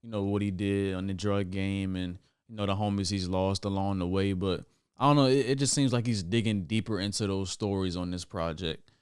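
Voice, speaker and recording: Brief: male music reactor, low resonant voice, dry close sound, stammers, bursts of hype. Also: brisk, smooth, no echo. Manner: stammering restarts with sudden excited outbursts. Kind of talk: casual album reaction commentary.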